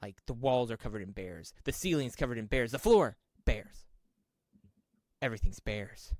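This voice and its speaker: Excitable man rambling through an improvised story. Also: medium pitch, normal speed, no echo, clean studio sound. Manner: excitable, rambling with filler words. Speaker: podcast co-host.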